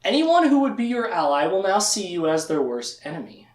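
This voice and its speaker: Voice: medium pitch, very animated, a little fast, roomy sound, lightly acted. A speaker retelling a fantasy novel, voicing a scheming, powerful male wizard tyrant in a smug, bargaining tone.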